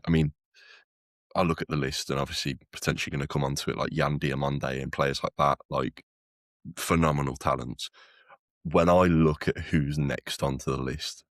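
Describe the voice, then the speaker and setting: A man's voice: extremely low pitch, no room sound, clean studio sound. A man co-hosting a podcast, talking football in a casual, rambling way with lots of fillers and restarts. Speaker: podcast co-host.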